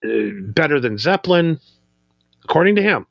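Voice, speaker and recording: A man's voice: a little high, very animated, moderate pace, no echo, lo-fi sound. A man co-hosting a casual podcast, trading jokes and banter. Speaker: podcast co-host. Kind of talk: casual stoner chat.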